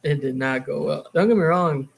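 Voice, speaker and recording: A man's voice: a little high, moderate pace, gravelly. A man co-hosting a podcast, reminiscing in a laid-back, profane casual chat. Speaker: podcast co-host.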